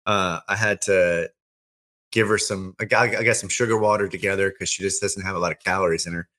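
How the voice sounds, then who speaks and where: A man's voice: deep voice, steady tone, fairly quick, sharp tone. A man co-hosting a casual Christian end-times chat, rambling and restarting his sentences. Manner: rambling, with many restarts and fillers.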